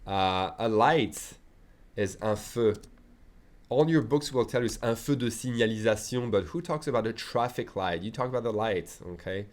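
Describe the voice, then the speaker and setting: A man's voice: on the low side, moderate pace. A French man with a French accent, teaching a chatty beginner language lesson, repeating phrases and checking in often.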